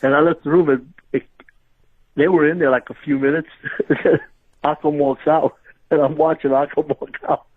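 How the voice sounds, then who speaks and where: A man with a husky, somewhat high voice tells wrestling stories over a tinny phone line. He talks in an animated way, laughing through his tales. A relaxed interview guest. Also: normal speed. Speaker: former pro wrestler, guest. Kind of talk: casual storytelling interview.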